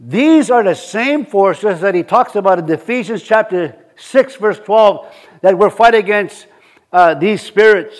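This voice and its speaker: A man's voice: sits high, lively intonation, a little slow. A middle-aged man preaching a sermon in a conversational way, often repeating words and building to emphatic points.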